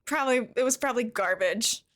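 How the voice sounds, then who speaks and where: A woman game streamer chatting casually with viewers while she plays, chatty and quick to giggle. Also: fairly high pitch, a bit bright. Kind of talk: casual live-stream chat while playing.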